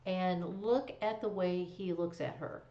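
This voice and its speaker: A woman's voice: lowish voice, measured pace. A woman hosting a live stream, recapping a drama in casual chat with fillers and laughs. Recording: echoey, dull lo-fi stream audio.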